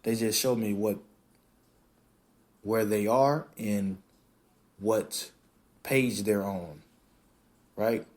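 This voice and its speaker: A man hosting a podcast, talking in a casual, animated monologue that acts out quoted voices and swears freely. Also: lowish voice, drawn-out words, long pauses. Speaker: podcast host.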